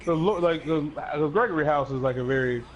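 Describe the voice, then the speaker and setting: A man in a casual podcast chat, slightly high-voiced, with a faint hum of noise behind him. He rambles and jokes, filling pauses with "like". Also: lo-fi sound. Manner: rambling, filler-heavy, jokey. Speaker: podcast co-host.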